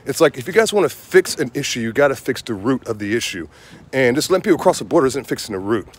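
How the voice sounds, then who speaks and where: A man's voice: medium pitch, expressive, fast. A young man hosting his own show, ranting heatedly about politics outdoors on a windy day, rambling and repeating himself. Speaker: show host. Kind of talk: outdoor political rant to viewers. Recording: wind noise outdoors.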